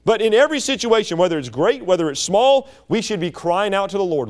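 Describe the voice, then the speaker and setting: High-voiced folksy preacher man. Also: expressive, fast, few pauses, darkish tone. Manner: folksy, anecdotal, voice rising on emphatic lines. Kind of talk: sermon.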